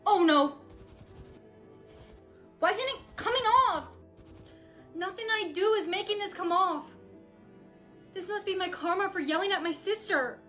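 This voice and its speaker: A woman's voice: extremely high pitch, slow pace, pauses often, fairly bright tone, faint music behind. A young woman, a content creator, acting in comedy skits with a dramatic, whiny delivery.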